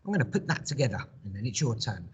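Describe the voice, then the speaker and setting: A primary school teacher, speaking in a very low register. Her voice rises and falls a lot as she encourages children and drills words call-and-response. Her tone is husky and breathy. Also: big pitch swings, fast, darkish tone, dull audio. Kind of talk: recorded home-learning language lesson.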